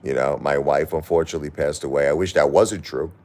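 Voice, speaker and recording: A middle-aged man on a live stream, talking through grief and reading viewer comments, halting and repeating himself, at times crying. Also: extremely low pitch, fairly even intonation, a little mellow. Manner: halting, repeats words, grief-stricken and pleading. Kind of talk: emotional live-stream talk.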